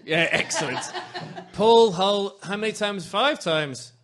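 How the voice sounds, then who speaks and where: A man's voice: high-pitched, expressive, slow pace, a bit bright. A man from Northern Ireland with a Northern Irish accent, hosting a podcast in rambling, jokey casual chat. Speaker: podcast host.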